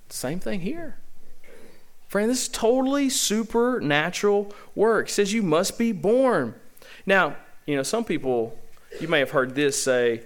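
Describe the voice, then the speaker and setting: A man preaching a sermon to his church as senior pastor, with a Southern American accent and an emphatic style built on rhetorical questions. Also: extremely high pitch. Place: church sanctuary.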